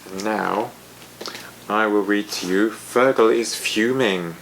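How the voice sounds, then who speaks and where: A man hosting a storytime, reading picture books to children in a gentle, chatty and expressive way. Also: on the low side, slow pace, gravelly, a little hiss or hum.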